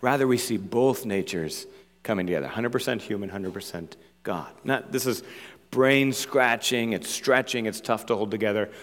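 Earnest pastor in a reverberant hall. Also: male voice, lowish voice, normal speed. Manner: earnest, emphatic, repeats phrases with frequent "right?". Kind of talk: sermon.

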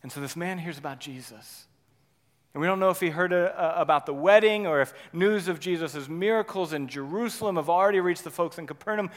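A man preaching a sermon, swinging between loud urgent passages and quiet, intimate ones, often checking in with "right?". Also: high-pitched, big-room sound. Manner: dynamic preaching, rising loud then dropping soft, frequent "right?". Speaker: pastor.

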